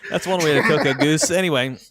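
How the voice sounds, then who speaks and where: A man co-hosting a podcast, casually recapping a film plot in a relaxed, rambling way. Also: fairly high pitch, fast, background noise. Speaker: podcast co-host. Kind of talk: casual movie recap chat.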